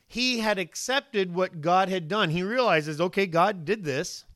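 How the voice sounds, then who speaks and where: A man gives a sermon at a measured pace with hardly any pauses, his voice high and bright. He asks the listeners questions and takes on the voices of people in the story, recorded close and dry with no room sound.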